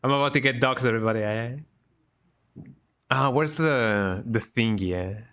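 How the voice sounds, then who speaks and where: A man's voice: medium pitch, moderate pace. A man streaming a video game, chatting in a casual, rambling way and ending many lines with "eh?". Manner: relaxed, rambling, tags lines with "eh?". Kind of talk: casual live-stream chat while gaming.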